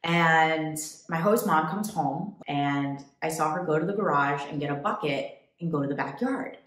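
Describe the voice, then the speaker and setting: A woman from the United States, a travel vlogger, telling a story to camera in a chatty, animated way. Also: low-pitched, normal speed, roomy sound. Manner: chatty, animated, quotes people in put-on voices.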